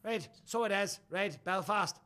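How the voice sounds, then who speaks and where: Brief: middle-aged man hosting a live chat, bright and slightly high voice, sweary and lively. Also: measured pace. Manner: lively, sweary, blokey banter. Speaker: host. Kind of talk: live chat shout-outs.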